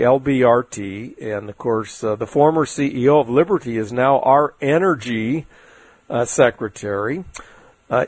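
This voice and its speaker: A man hosting a financial talk show, rambling through market commentary with plenty of "uh"s and folksy asides. His voice sits at a middle pitch. The sound is dry and close, with no room around it. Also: darkish tone, dry recording. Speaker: investment show host.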